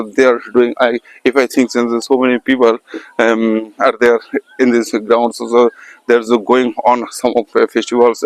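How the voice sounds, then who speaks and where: A man teaching English, speaking haltingly with many pauses and non-native grammar in a casual motivational talk, standing outdoors at a festival ground. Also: medium pitch, no echo.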